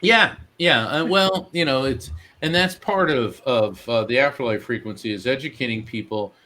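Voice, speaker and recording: A man as a guest psychic medium, telling a story in an animated way and acting out the voices he quotes. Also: mid-range voice, moderate pace. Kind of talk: storytelling in an interview.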